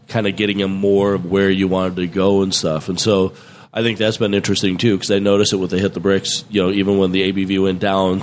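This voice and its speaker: A man's voice: sits low, a little hiss or hum. A man hosting a casual chat, asking loose, rambling questions full of fillers. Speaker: podcast host.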